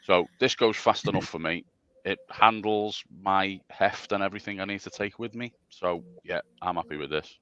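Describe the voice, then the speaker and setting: Deep-voiced man chatting casually about bikes. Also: normal speed, pushed and bright, clear, resonant tone, no echo, highs cut off. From England. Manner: rambling, self-deprecating, stammering restarts. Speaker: special guest. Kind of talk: casual chat on a livestream.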